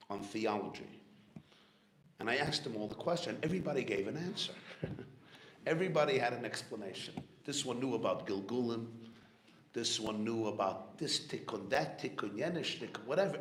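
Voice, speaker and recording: Man, rabbi, lowish voice, reflective sermon storytelling, echoey room with a faint background hum. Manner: earnest, reflective storytelling with soft spoken asides. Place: community hall gathering.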